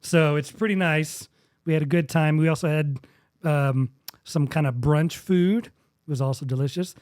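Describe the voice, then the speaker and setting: A young podcast host with a West Texas drawl jokes around and rambles through a casual chat, laughing readily. His fairly high voice is steady and somewhat dark in tone, and the studio recording is dry and clean.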